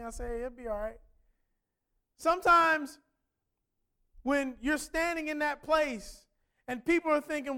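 A man with a very high voice preaching a conversational sermon. He poses question after question to the congregation and speaks in a relaxed, everyday way. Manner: conversational, asks many rhetorical questions.

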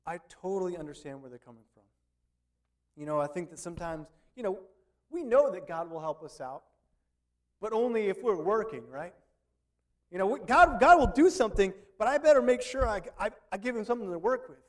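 Male pastor, sermon, casual delivery, fairly high voice, lots of "you know.". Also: lively intonation, fairly quick. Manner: conversational, with many fillers.

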